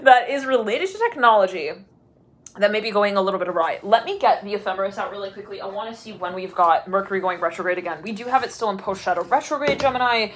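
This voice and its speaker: A woman's voice: medium pitch, fast talker, a little hiss or hum. Chatty woman giving a rambling tarot reading. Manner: chatty, rambling, laughs often, many fillers. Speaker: tarot reader.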